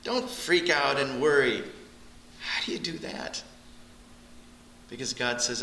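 A man teaching through a Bible passage with a very bright, forceful tone. His delivery is animated, rising sharply in pitch when he drives a point home. The room around him rings with echo, and a faint hiss sits underneath. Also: slow pace. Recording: echoey room.

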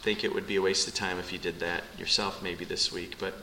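Earnest preaching man, bright echoey voice. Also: deep voice, flat delivery, fairly quick, slight background noise. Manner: earnest, rises to urgent pleading then drops soft. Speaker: pastor. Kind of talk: sermon. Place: church sanctuary. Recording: echoey church sanctuary with faint ambience.

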